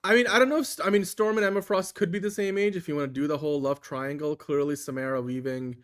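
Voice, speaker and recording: Guy with a higher voice, podcast co-host, rambly casual fan chat. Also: steady tone, quick pace. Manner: chatty, loose, hedging with "like".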